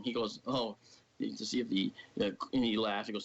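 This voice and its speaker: A man tells a personal story in a casual, animated way, jumping up high to mimic the people he quotes. His voice has a gravelly edge, and the stream audio sounds dull and lo-fi. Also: moderate pace. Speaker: guest.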